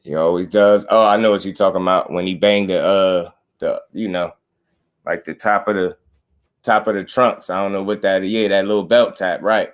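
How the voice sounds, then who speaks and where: A man's voice: low-pitched, fairly even intonation, normal speed. A man hosting a boxing channel live stream, chatting casually with slangy, laid-back talk and greeting viewers.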